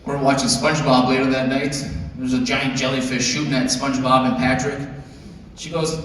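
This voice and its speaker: A man in his thirties performing a stand-up comedy set, telling stories in a deadpan way and jumping into high, squeaky voices to act out quotes. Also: moderate pace, slight background noise. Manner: deadpan storytelling with sudden high-pitched acted-out quotes. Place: large theater stage. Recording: echoey theater from far off with audience laughter.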